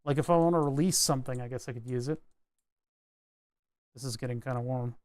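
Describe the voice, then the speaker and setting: A man chatting casually to his live-stream viewers while he tinkers with electronics at his workbench, relaxed and self-deprecating, chuckling often. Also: mid-range voice, a little fast. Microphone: wired microphone at his workbench.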